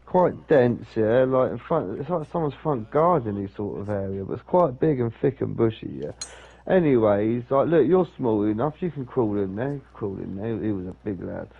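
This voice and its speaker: A man's voice: fairly low pitch, animated, moderate pace, gravelly, slightly rough. A young man telling a rambling story in casual chat, swearing often. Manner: swears a lot, rambles with restarts. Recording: dull lo-fi sound.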